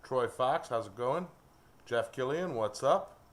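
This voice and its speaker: A man's voice: medium pitch, expressive, a little slow. A man hosting a casual live stream from his forge, reading out chat names and laughing often at his own jokes. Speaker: livestream host. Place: forge workshop.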